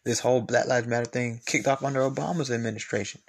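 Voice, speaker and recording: With a creaky, medium-pitched voice and fairly even intonation, a man rapidly rants on his podcast in a casual style that is blunt, profane, repetitive and argumentative.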